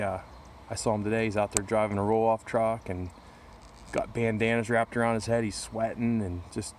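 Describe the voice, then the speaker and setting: A man's voice: lowish voice, a little hiss or hum. A man talking casually to camera outdoors in a backyard corner, rambling through a story with many restarts. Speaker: vlogger. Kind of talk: casual chat.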